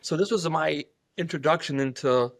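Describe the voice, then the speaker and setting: A man telling stories in a casual podcast chat, animated, acting out voices and sounds. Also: normal speed, gravelly, dry recording. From Upper Midwest of the US. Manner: animated, acts out patients' voices and squeak sounds.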